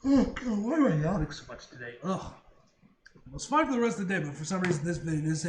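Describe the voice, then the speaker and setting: A man reacting to a comic in loose, rambling commentary, full of joking asides and restarts. His voice is high for a man. The recording is roomy with a faint hiss underneath. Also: expressive, fast talker. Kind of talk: casual reading and commentary. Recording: roomy room, faint noise.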